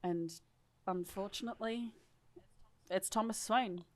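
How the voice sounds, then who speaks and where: A woman co-hosting a podcast reads lore aloud with a casual, irreverent attitude and swears freely. Her voice sits in the mid-range, and she speaks without hurrying.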